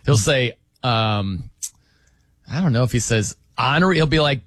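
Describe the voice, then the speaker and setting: A man's voice: medium pitch, animated, normal speed, fairly bright tone, dry recording. Chatty man hosting a radio show. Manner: chatty, laughs often, mimics others' pronunciations. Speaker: sports radio host. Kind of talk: casual radio talk.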